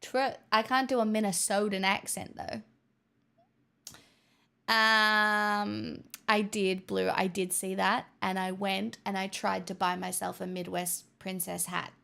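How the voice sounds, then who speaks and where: Bright-voiced giggly young woman streamer. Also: medium pitch, flat delivery, takes it slowly, vocal fry, clean tone. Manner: giggly, rambling, chatty with viewers. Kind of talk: casual live-stream chat.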